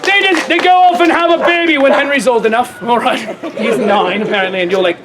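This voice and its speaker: A man performing a comedy show at an outdoor fair stage, loud and playful, bantering with the audience. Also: very high voice, fairly quick, very noisy. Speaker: street performer. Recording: live outdoor audience audible. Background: crowd laughing and cheering.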